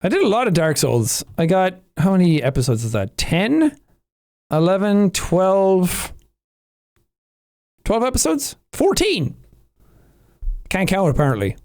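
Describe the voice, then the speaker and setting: Lively high-pitched Irish man reacting. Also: a little slow, pauses often. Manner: animated, loud playful exclamations. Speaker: YouTuber reacting to his old videos. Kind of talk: casual reaction commentary.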